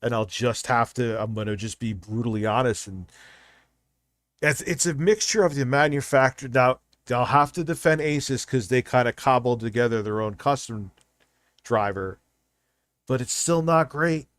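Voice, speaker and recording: Guy ranting and cussing on his stream, dry close sound, mid pitch. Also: normal speed, fairly bright tone, dry recording. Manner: profane, ranting, blunt. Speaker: streamer reacting to videos. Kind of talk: casual live-stream commentary.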